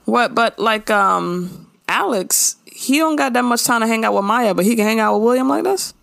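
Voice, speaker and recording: Woman, casual recap, playful, very lively pitch, dry close mic. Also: normal speed, gravelly, dry recording. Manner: animated, playful, acts out characters' lines. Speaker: podcast co-host recapping a show.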